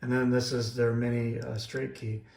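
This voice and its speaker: A man's voice: medium pitch, level tone, creaky, darkish tone. Methodical man explaining in an echoey room. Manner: plain, methodical, frequent "uh" pauses. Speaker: ham radio operator teaching Morse keying. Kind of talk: casual how-to demonstration. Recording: echoey room with faint noise.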